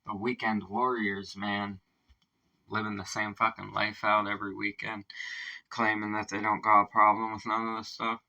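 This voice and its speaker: Man, reaction host, casual commentary, gravelly, bright tense tone, unhurried. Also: fairly low pitch, level tone, rough recording. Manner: laughs often, swears, marvels aloud at lyrics.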